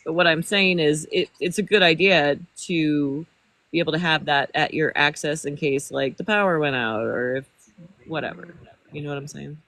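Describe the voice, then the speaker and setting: A woman's voice: low voice, normal speed, fairly bright tone, dry recording. A woman from California chatting casually as a guest on a livestream, talkative and laughing often. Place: small mountain town, indoors.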